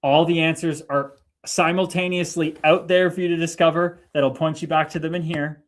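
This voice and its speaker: A man in his thirties chats on his own livestream and reads viewer comments aloud. His voice sits a little high, and he talks with a profane, fired-up energy that keeps turning to preachy spiritual phrases. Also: flat delivery, normal speed. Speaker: livestream host. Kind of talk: casual livestream chat reading comments. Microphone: streaming mic.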